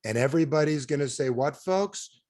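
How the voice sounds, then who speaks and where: A man running a sales training over a video call, animated, firing questions at his audience and acting out quotes in a higher voice. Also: brisk. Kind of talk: energetic coaching talk.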